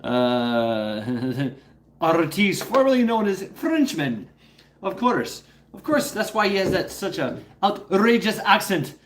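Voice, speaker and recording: Lively, rambling man streaming live. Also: sits high, takes it slowly, a little hiss or hum. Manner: rambling and playful, greets chatters by name; breaks into a playful coaxing voice with his dog. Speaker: livestream host. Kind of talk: casual live chat with viewers.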